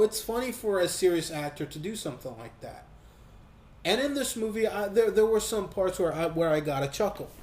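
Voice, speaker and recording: A man giving a casual, profane movie review, talking in an animated way and mocking what he saw. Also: a little high, reverberant. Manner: profane, animated, quick asides with mocking quoted voices.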